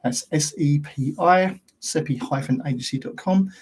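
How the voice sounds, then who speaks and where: A man's voice: a little high, moderate pace, a little mellow, husky. A British man hosting his own channel, talking straight to camera in a rambling, ranting monologue full of rhetorical questions. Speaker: host of a paranormal investigation channel.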